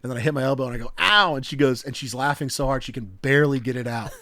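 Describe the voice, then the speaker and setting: Young guy podcasting, rambly and excited, lots of likes and ums, dry close sound. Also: mid-range voice, very fast, no echo. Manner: rambling, animated storyteller with many fillers. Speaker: podcast co-host. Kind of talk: casual chat.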